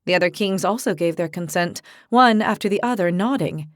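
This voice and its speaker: A woman narrates a fantasy audiobook in a calm, even manner. Her voice sits a little low. The close mic gives a dry, intimate sound. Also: fairly quick, hardly any pauses, no room sound.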